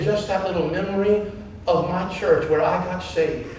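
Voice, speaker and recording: High-voiced preacher in an echoing church. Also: male voice, moderate pace, a little mellow, slight background noise. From Wyoming, United States. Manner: impassioned storytelling, acting out others' words. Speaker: pastor. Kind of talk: sermon. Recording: echoey hall from far off.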